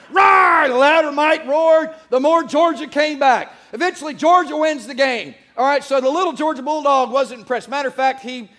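A middle-aged male pastor preaching a sermon in an animated, joking storytelling way, raising his voice to a shout at moments. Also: very high voice.

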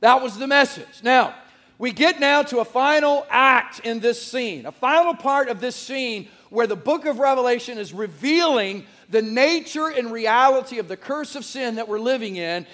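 A man preaching a sermon as pastor, his voice hoarse and squeaky from shouting, leading the congregation in energetic call-and-response. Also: moderate pace. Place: church sanctuary.

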